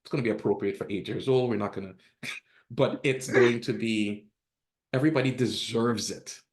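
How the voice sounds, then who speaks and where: A man's voice: medium pitch, normal speed. A man guest on a podcast, telling candid personal stories in a casual way and acting out the quotes. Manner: candid, laughs at own stories, acts out quotes. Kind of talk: casual storytelling interview.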